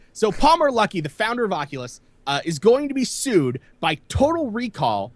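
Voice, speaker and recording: A man co-hosts a casual gaming podcast, speaking in a high-pitched voice at normal speed with no echo. He's animated and rambles through the news with lots of fillers.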